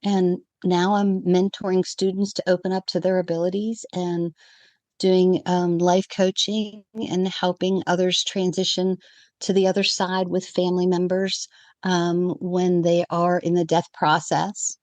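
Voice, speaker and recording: A woman guest on a podcast, telling her own story in a lively way and acting out the lines of the people in it. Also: lowish voice, measured pace, dry recording. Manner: animated storyteller who acts out the quoted dialogue. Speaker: guest, evidential medium. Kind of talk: personal storytelling in a podcast conversation.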